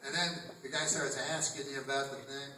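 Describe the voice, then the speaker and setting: A man doing a stand-up comedy set on a theatre stage, with a rambling deadpan delivery that bursts loud when he quotes people. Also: medium pitch, fairly quick, slight background noise. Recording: echoey live theatre recording from far off. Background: audience laughter.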